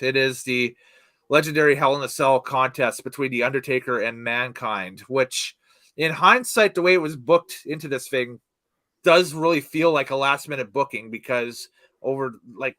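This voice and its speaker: A man's voice: medium pitch, steady tone, moderate pace, bright, forceful tone, no echo. A man hosting a casual podcast, leading the discussion, asking questions and laughing easily. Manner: upbeat, asks questions and laughs often. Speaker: podcast host. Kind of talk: casual chat.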